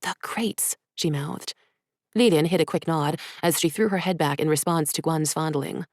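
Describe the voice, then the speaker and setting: Woman softly reading her own story. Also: low voice, brisk, no room sound, studio quality. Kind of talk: story narration.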